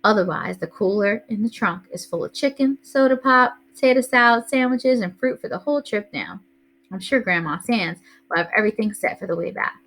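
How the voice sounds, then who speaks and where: Reading a novel to a class, a woman voices a well-organized mother who goes through a road-trip plan one step at a time, businesslike and orderly. Her mid-range voice is a bit bright and her pace fairly quick.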